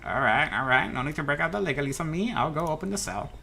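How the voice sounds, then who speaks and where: A man voicing a gruff, grumpy male bird concierge who speaks curtly. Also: a little high, animated, quick pace, bright, forceful tone, a little hiss or hum, full character voice. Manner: curt.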